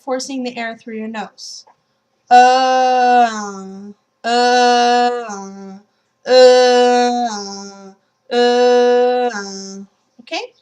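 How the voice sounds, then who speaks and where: A woman teaching French pronunciation, modeling nasal vowels and having learners repeat drill words after her. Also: high-pitched. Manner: slow, demonstrates sounds and repeats drills. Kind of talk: language lesson.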